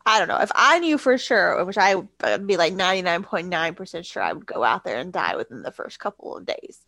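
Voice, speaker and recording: A woman's voice: lowish voice, big pitch swings, fairly quick, sharp tone, dry recording. A woman co-hosting a casual chat, teasing her friend and laughing often. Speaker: podcast co-host.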